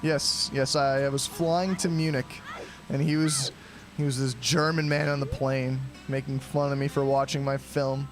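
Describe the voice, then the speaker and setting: A young man casually commenting on his own gameplay during a live stream, rambling and chatty, often clearing his throat. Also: medium pitch, flat delivery, moderate pace. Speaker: game streamer. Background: game music.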